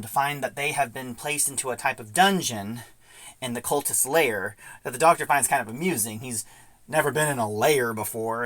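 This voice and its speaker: A woman's voice: very deep voice, a bit bright, no echo. A young woman casually recapping and reviewing an audio drama, retelling scenes in a chatty way with many asides.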